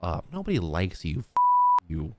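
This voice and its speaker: Brief: young male streamer, deep, expressive, dry close mic, sarcastic running commentary. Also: fairly quick, a little hiss or hum. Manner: sarcastic, heckling the screen. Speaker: game streamer. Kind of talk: reacting to gameplay.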